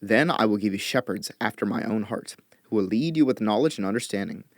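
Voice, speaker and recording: A man reading scripture aloud in a measured, expressive way, lifting his voice for quoted lines. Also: lowish voice, dry recording, clean studio sound. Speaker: Bible reader.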